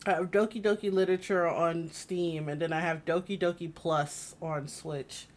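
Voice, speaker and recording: Chatty woman streamer, slightly low voice. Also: fairly even intonation, normal speed. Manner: chatty, laughs often, rambling storytelling. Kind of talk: casual game-stream chat.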